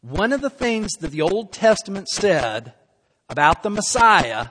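A man preaching a sermon, lively and emphatic, acting out quoted lines as he teaches. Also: high-pitched, unhurried. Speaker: pastor. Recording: long hall reverb, faint noise.

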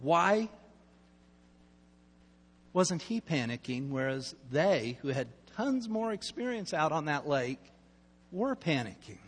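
A male pastor preaching a sermon, telling the story with asides and swinging between loud and hushed delivery. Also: a little high, very animated, slow, pauses often, slightly rough. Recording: long hall reverb.

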